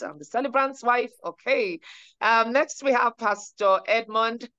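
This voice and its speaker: Over a video call, a woman cheerfully hosts an online church service, calling on each speaker in turn. Her voice is on the high side with a sharp tone, and she speaks a little slowly; the call audio is dull and lo-fi.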